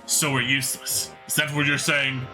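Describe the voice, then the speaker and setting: Loyal veteran commander in a game reading , a man putting him on: low, bright, dignified. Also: flat delivery, faint music behind, low-quality recording. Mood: grave. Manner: grave, measured, dignified. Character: solemn loyal older male commander.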